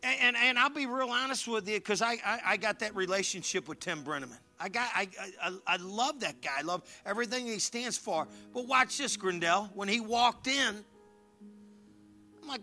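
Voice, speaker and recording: A middle-aged man preaching a sermon as pastor, animated and joking with his congregation, swinging between loud and hushed. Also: sits high, moderate pace, faint music behind. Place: church hall.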